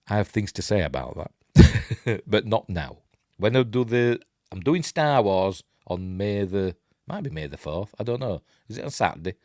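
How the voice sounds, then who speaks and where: Yorkshire man, streamer reading news, wry asides, low voice, swings up and down a lot. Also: very animated, moderate pace, warm tone, dry recording, clean studio sound. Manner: reads news items with wry, sarcastic asides. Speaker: host of a sci-fi news live stream.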